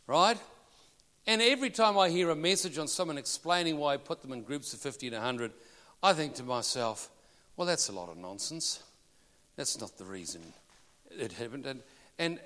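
A man preaching a sermon to a congregation, telling a story with lively acted-out voices. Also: mid-range voice. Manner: animated storytelling, acts out quoted voices. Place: large church hall. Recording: long hall reverb.

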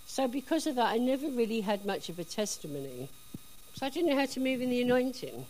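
A woman telling a personal faith testimony in a chatty, animated storytelling way. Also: a little high, fast talker, slight background noise, poor audio. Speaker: speaker giving a testimony.

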